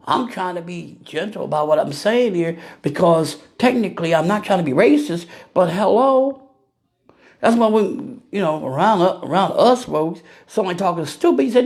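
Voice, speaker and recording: Animated man ranting to camera. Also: high-pitched, moderate pace. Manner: animated, ranting, full of rhetorical questions; laughs at his own jokes. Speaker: vlogger. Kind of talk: casual political rant.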